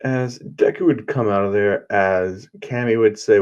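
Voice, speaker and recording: Male storyteller, casual, loose, swearing, slow, dull lo-fi audio. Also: on the low side, a little mellow, clear, resonant tone. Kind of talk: improvised fan story narration.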